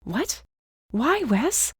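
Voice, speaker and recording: A woman voicing a hot-tempered young bounty hunter who talks sharp, loud and demanding. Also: high voice, sing-song, drawn-out words, breathy edge, dry recording, pitched above the performer's own voice, heavily acted. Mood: alarmed.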